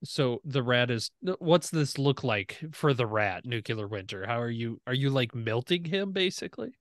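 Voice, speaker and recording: A young man running a tabletop game, explaining rules in a relaxed way with fillers. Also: mid-range voice, moderate pace, dry recording, clean studio sound. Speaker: game master.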